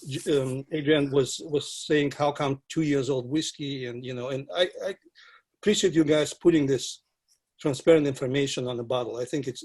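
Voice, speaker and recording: A man who is a non-native English speaker, chatting casually about whisky in a halting way with many restarts. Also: medium pitch, darkish tone, breathy edge. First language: not English. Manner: halting, with frequent restarts and filler. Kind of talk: casual conversation.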